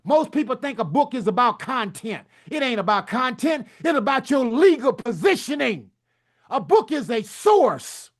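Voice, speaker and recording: A middle-aged man, giving a loud, preacherly motivational talk at a summit. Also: very high voice, very animated, moderate pace. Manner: loud, preacherly, rousing with call-and-response asides. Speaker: summit speaker. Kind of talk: energetic motivational presentation.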